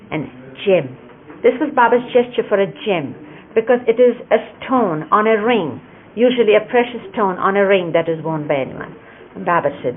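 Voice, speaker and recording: An older woman gently recalling a teacher's hand gestures, explaining each one at an unhurried pace. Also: mid-range voice, lively intonation. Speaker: speaker recalling a spiritual teacher. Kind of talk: reminiscing explanation. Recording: lo-fi phone-like archive recording with faint hiss.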